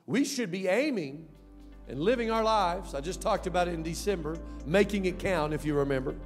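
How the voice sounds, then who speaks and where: A man preaching a sermon as pastor, emphatic, swinging between soft and loud delivery. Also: high voice, lively intonation, brisk, faint music behind. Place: church sanctuary. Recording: long hall reverb.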